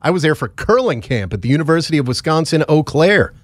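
A man's voice: a little high, sing-song, quick pace, no room sound, studio quality. A man hosting a casual morning podcast, rambling and joking with his producer, with plenty of fillers. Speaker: podcast host. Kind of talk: casual morning show chat.

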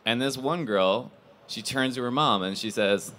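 A man moderating a casual panel discussion, rambling with frequent restarts and growing animated as he tells stories. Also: medium pitch, moderate pace. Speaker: panel moderator, company CEO.

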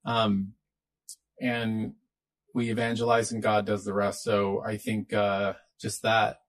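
A man's voice: on the low side, completely flat delivery, slow pace. A man hosting a live stream and answering viewer questions in a loose, easygoing way, with many fillers and restarts. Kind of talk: casual live Q&A.

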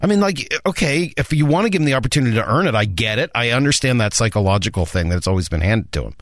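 A man's voice: medium pitch, lively intonation, rapid-fire, dry recording, studio quality. A man co-hosting a sports radio show, asking probing questions and thinking aloud with restarts. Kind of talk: casual sports talk.

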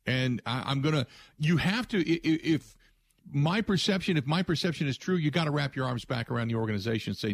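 A man's voice: on the high side, lively intonation, brisk, creaky, dry recording. A man hosting a sports talk radio show, giving an emphatic, rambling opinion monologue with frequent restarts. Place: radio studio.

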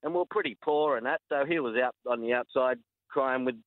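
A man's voice: mid-range voice, a little fast, no room sound. An Australian man rings in to a radio show, hesitant and full of uhs as he spins his yarn. He comes through a thin, tinny phone line. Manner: hesitant, lots of uh, chuckles. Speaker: caller. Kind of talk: phone-in chat.

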